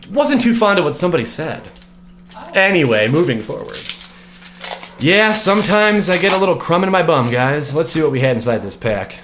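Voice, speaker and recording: A man hosting a casual card review vlog at home, animated, swearing freely and breaking off into joking rants. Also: a little high, slight background noise. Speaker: card game video host.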